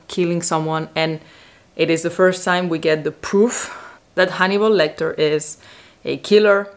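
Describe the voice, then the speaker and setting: Low-voiced chatty young woman vlogger. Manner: chatty, animated, breathless. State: pregnant, out of breath. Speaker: vlogger recapping a TV show. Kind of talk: casual vlog recap.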